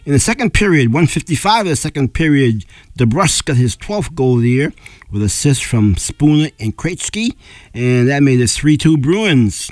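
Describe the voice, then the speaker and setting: A male local radio announcer losing his voice, reading sports scores on air in plain, unhurried fashion, clearing his throat now and then. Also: medium pitch, sing-song, darkish tone, dry recording. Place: radio studio.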